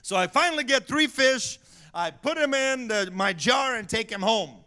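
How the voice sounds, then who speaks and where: A male pastor preaching in a church, his voice sitting high and ringing bright. He tells a story in an animated way, bursting into shouts for emphasis and laughing often as he goes. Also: moderate pace, clean tone. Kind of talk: storytelling sermon. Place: church sanctuary.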